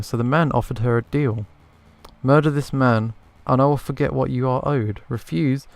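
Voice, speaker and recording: Man doing a smooth theatrical impostor. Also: mid-range voice, lightly acted. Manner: florid, theatrical storytelling. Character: smooth male impostor posing as a prince, theatrical. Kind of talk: reading game dialogue aloud.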